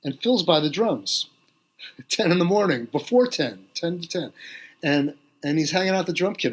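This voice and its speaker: A middle-aged man, a drummer being interviewed on a podcast, telling a long anecdote with lively quoted voices. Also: fairly high pitch, normal speed, breathy edge. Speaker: guest drummer.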